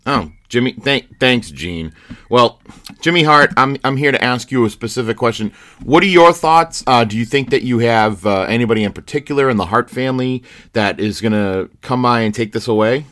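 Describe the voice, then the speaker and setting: A man's voice: medium pitch, expressive, normal speed, a bit bright. A man hosting a wrestling podcast, playfully staging interviews, hesitant and full of fillers. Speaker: podcast host. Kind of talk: playful scripted bit with interviews.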